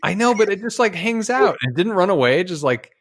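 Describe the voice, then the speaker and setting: A man co-hosting a podcast chats in a playful, joking way. His pitch moves freely in a mid range. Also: very animated, brisk. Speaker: podcast co-host. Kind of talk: casual chat.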